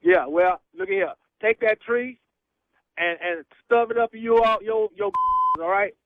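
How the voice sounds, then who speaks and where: A man's voice: sits high, wildly swooping pitch, unhurried, creaky, no echo, narrow, tinny audio. A man on the phone who laughs as he pushes back in slang against an angry caller. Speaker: prank call target.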